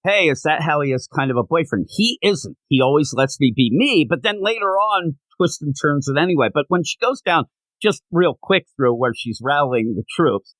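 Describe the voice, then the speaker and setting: A man on a podcast talking in a lively, swinging voice that climbs fairly high. He rants casually and drops into quick mocking impressions of characters. The sound is close and dry. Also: no echo, poor audio. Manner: animated, mocks characters with quick put-on quotes. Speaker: podcast co-host. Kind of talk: casual comic book discussion.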